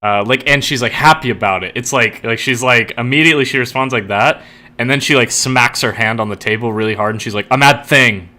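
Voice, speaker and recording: A man chatting casually on a live stream, rambling and full of "like" fillers, getting excitable when enthusiastic. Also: medium pitch, fast talker. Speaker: streamer and fiction writer.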